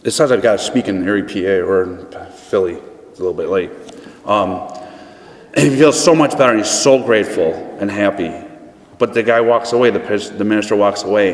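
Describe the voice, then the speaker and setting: Speaking in a voice on the low side, this Buffalo, New York man is the guest speaker at a recovery meeting, sharing his own testimony. He keeps it chatty and performs the dialogue of his story, and the meeting hall sounds echoey.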